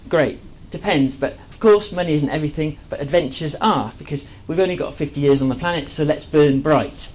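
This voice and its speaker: A man's voice: on the high side, brisk, few pauses, slight background noise, rough recording. A man giving an enthusiastic presentation to a live audience, chatty and full of fillers and restarts. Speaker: speaker at a live talk.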